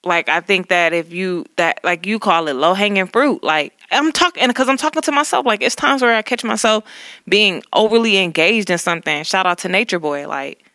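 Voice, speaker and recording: A woman's voice: mid-range voice, normal speed, sharp tone, no echo, studio quality. A woman co-hosting a casual talk, rambling with many "like"s and frequent laughter. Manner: rambling, heavy use of "like", laughs often. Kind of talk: casual conversation.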